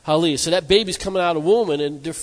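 A man's voice: a little high, racing. A man preaching a sermon in a slightly raised voice, pressing his points hard and checking in with the congregation. His voice carries a long reverb, as in a large hall. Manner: emphatic, asks the congregation "amen?".

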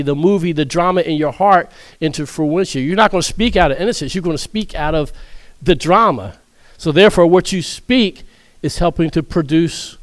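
Man preaching, high voice, smooth clear tone, jokes and laughs a lot. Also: no room sound. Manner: humorous, laughs often, animated and conversational. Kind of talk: sermon.

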